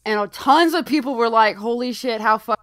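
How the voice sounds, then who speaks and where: A woman's voice: a little high, fairly quick, no echo. A woman co-hosting a casual live stream, blunt, mocking and swearing freely. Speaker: podcast co-host.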